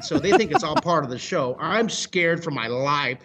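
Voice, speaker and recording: A man's voice: fairly high pitch, fairly quick, few pauses. A middle-aged American man, a drawing teacher, telling a story animatedly with bursts of laughter. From United States. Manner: excitable, shouts and laughs mid-story.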